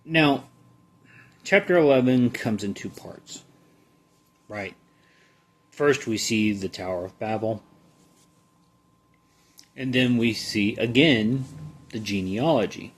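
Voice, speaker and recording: A man giving a casual Bible study, reading a passage in a halting way and then talking it through conversationally. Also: medium pitch. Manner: slow, halting, reads then comments conversationally. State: sleepy, yawning.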